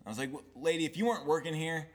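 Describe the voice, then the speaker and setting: A man's voice: on the high side, rapid-fire, music in the background. A young man telling a story in a casual chat, laughing often and swearing freely.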